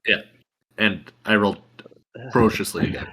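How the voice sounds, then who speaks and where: Relaxed male player, lowish voice. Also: normal speed, noisy background. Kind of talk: casual game chat over voice call.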